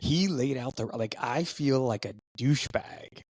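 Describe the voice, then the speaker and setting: A man's voice: medium pitch, a little slow, darkish tone, husky, dry recording. Rambling storytelling podcast co-host man. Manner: rambling storyteller, lots of fillers and restarts. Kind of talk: casual podcast chat.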